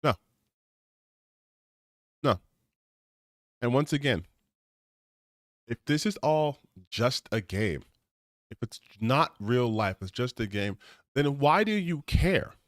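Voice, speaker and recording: A man's voice: medium pitch, animated, takes it slowly, long pauses, no room sound, studio quality. A man ranting on a gaming stream, reading out comments and reacting with heated, sarcastic, profane commentary. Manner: heated, sarcastic, swears often.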